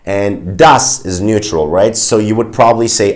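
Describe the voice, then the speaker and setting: A man with a German accent teaching a language lesson, clearly and patiently explaining pronunciation and grammar with spoken examples. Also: on the low side, moderate pace.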